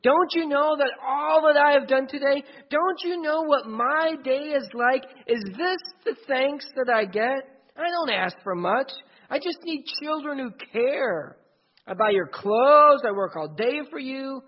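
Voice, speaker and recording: A man's voice: extremely high pitch, animated, a little slow, voice pushed up. A man playing an exasperated parent who scolds his kids in an indignant, rising tone. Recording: dull lo-fi recording.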